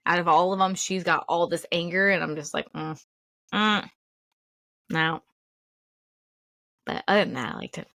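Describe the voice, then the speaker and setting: A woman's voice: lowish voice, steady tone, fast, few pauses, fairly bright tone, dry recording. A woman co-hosting a podcast in casual chat, talking loosely with lots of fillers and laughing easily. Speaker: podcast co-host.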